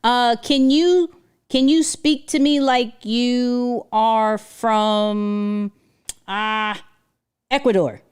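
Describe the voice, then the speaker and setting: A woman hosting a casual livestream, talking in an animated, slangy way and laughing often. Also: fairly high pitch, extremely slow, clean tone. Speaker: livestream host.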